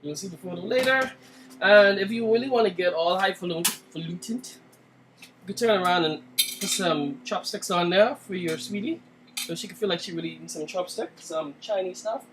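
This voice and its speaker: A man with a high voice cheerfully walks viewers through a budget dinner in his home kitchen. He is joking and playful and talks straight to the camera. Cutlery clinks faintly in the background. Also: moderate pace, background noise. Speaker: cooking vlogger. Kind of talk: casual cooking vlog.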